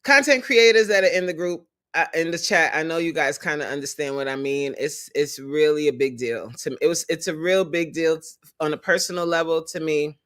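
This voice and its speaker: A fitness coach hosting a casual livestream, animated and openly emotional, laughing often and greeting viewers in the chat by name. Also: mid-range voice, a little fast, hardly any pauses.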